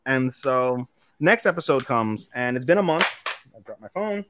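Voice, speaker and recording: A man's voice: mid-range voice, expressive, background noise. Profane young man recapping anime. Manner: rambling, profane, acts out character lines in quick voices. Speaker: podcast co-host.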